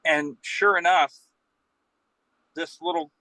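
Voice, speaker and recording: Slowly and in a higher-pitched voice, a professional Santa guesting as a storyteller rambles through a casual anecdote, acting out quotes with animation. The rough recording has no echo.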